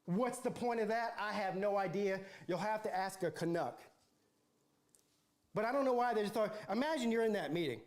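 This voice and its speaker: Sarcastic high-voiced man ranting. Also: expressive, moderate pace. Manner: mocking, sarcastic, rambling with restarts. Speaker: football channel host. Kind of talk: ranting livestream commentary.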